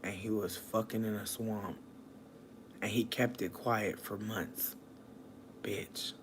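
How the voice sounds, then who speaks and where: Giggly high streamer rambling late at night. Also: steady tone, measured pace, noisy background. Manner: rambling, swearing, bursting into shrieking laughter. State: high on weed gummies. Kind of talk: casual late-night livestream chat.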